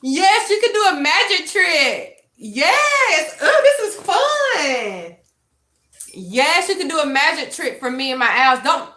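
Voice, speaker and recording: A young adult woman hosting a casual tarot livestream, animated and laughing often as she talks straight to her chat. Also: high voice, normal speed, few pauses, echoey room. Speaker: tarot reader and livestream host.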